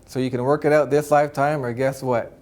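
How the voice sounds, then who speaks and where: A man's voice: mid-range voice, level tone, brisk, darkish tone. A man giving a spiritual talk to an audience, earnest and upbeat, often tagging his points with "right?" and breaking into chuckles. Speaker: spiritual teacher.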